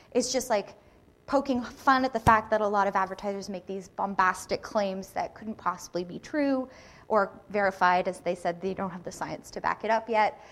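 Chatty, upbeat woman presenter. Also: mid-range voice. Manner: chatty, enthusiastic, many fillers. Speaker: conference speaker. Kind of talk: casual live presentation.

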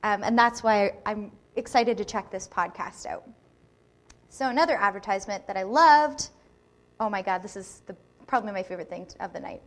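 A woman's voice: mid-range voice, moderate pace, fairly bright tone. A woman giving a casual live presentation, chatty and enthusiastic, with frequent fillers. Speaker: conference speaker.

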